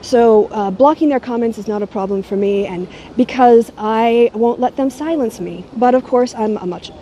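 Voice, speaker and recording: Speaking at a moderate pace, this middle-aged YouTuber has a mellow, slightly high voice, and the recording sounds muffled. She talks to a handheld camera held at arm's length, casual and sardonic, mocking her way through a talking-head vlog.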